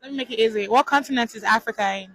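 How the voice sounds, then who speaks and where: A man's voice: very high voice, very fast, over music, low-quality recording. A man quizzing passers-by in a street interview, teasing.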